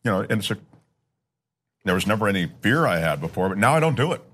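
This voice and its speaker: A man in casual chat, telling a story at an unhurried pace with many restarts. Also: lowish voice, very animated, a bit bright.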